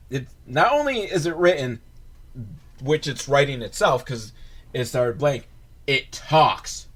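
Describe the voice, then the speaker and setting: A man's voice: medium pitch, fairly bright tone. A man giving a sarcastic, rambling, profane comedic recap of a movie, full of mocking asides. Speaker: movie reviewer.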